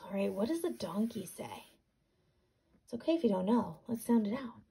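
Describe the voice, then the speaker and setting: Husky woman teacher reading to children. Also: mid-range voice, moderate pace. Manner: animated, questioning, sounds words out. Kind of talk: reading a picture book aloud to young students.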